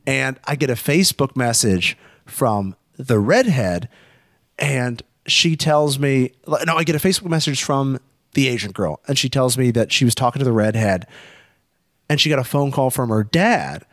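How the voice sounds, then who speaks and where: Animated young man telling a wild story. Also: medium pitch, moderate pace, no room sound, clean studio sound. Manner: animated, profane, acts out voices. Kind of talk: casual podcast storytelling.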